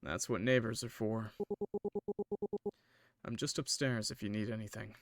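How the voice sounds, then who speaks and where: Guy playing a smooth creepy-nice neighbor, slow and soft, dry mic. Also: on the low side, fairly even intonation, no echo, faint music behind. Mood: calm. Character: smooth mysterious young male neighbor.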